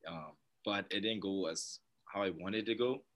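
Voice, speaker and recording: A young man, a guest on a podcast, telling stories in a laid-back, soft-spoken way with frequent laughs. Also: low-pitched, moderate pace. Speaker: guest, professional baseball player. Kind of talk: casual interview chat.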